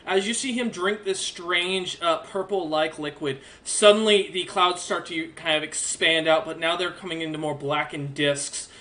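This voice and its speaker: Brief: male game master, high bright voice, rambling narration. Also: moderate pace, few pauses. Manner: loose, filler-heavy narration.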